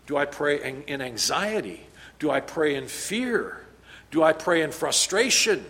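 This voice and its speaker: A man preaching a sermon as pastor, emphatic, his loudness rising and falling as he drives points home. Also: a little high, big pitch swings, unhurried.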